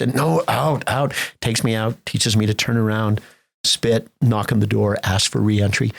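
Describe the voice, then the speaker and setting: A middle-aged American man, a theater festival executive, telling lively stories in a podcast interview and acting out the voices he quotes. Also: fairly low pitch, a little fast, creaky, husky, no echo. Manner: animated storyteller acting out quotes.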